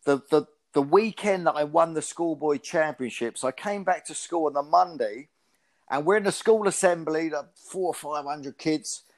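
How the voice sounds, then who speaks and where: Man from the UK, fifties, slightly high-pitched, animated storyteller, many restarts. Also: normal speed. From United Kingdom. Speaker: guest, former pro boxer and speaker. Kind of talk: casual interview storytelling.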